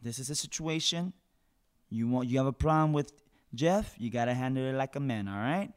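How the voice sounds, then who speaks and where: A man's voice: medium pitch, lively intonation, moderate pace, smooth, close to an everyday voice. A man playing a foul-mouthed, ranting factory worker. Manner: profane ranting, bursts into shouting. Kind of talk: improvised comic storytelling in character.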